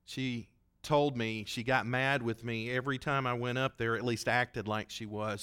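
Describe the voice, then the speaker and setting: A man's voice: medium pitch, steady tone, normal speed, a bit bright, smooth. A man preaching as a pastor, telling a story in a folksy, conversational way and acting out the voices he quotes. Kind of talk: sermon storytelling.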